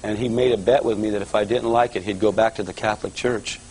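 Animated man telling his testimony. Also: lowish voice, fast, slight background noise, poor audio. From Los Angeles area. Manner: animated storyteller, voices quotes, rising excitement. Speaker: guest preacher giving testimony. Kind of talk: sermon testimony storytelling.

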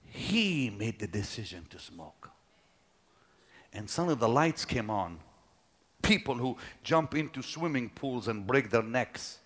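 A middle-aged preacher telling a personal story in a sermon, dropping to a hush and then rising to shouts. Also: male voice, medium pitch, very animated, measured pace, slight background noise. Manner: dramatic, swings from hushed to shouting.

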